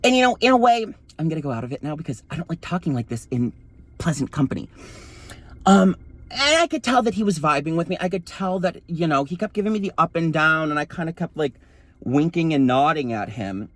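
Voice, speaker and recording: Man, campy, sassy, profane, theatrical, lively pitch, vlog storytelling. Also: a little fast. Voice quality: voice read as feminine. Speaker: vlogger.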